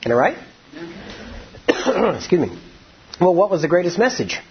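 Husky preacher man. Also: high-pitched, very animated, moderate pace, lo-fi sound. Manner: conversational, asks the congregation for agreement. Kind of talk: sermon.

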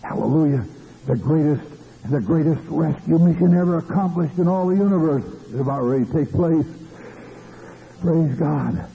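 A man's voice: a little high, moderate pace, creaky, slightly rough. A man preaching a fervent sermon, stopping often for hallelujahs and restarting his phrases. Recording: tinny lo-fi old recording.

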